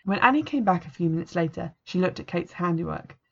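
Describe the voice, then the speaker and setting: Woman with a gravelly low voice. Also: animated, a bit bright. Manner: plain, matter-of-fact, unhurried. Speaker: book reviewer and reader. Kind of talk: book review and read-aloud narration. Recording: dull lo-fi recording.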